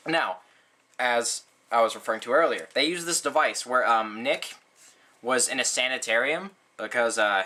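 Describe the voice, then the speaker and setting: This casual movie review comes from a man who wanders off on tangents, drops sarcastic asides, and fills his speech with "um" and "like." His delivery is animated, with pitch that jumps often.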